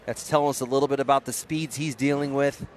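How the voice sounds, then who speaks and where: A man giving brisk, excitable play-by-play commentary on a tournament match. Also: medium pitch. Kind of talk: sports commentary.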